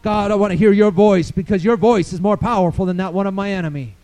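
A man preaching a sermon, swinging from quiet storytelling to loud, fervent declarations. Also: sits high, quick pace, hardly any pauses, poor audio.

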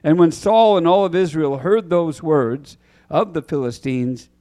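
A man, a preacher, reading scripture aloud deliberately, pausing to clear his throat and correct himself. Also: fairly high pitch, darkish tone.

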